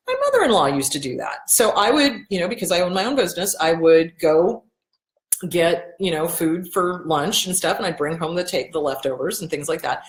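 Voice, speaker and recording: A middle-aged woman hosting a casual live Q&A, blunt and animated, swearing freely and acting out the voices she quotes. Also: mid-range voice, roomy sound. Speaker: host answering viewer questions.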